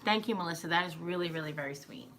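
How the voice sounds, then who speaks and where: A woman's voice: on the low side, very fast, fairly bright tone, a little hiss or hum. A woman with a Long Island New York accent, chatting and telling rambling stories as host of a home livestream. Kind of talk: casual chat on a livestream. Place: living room at home.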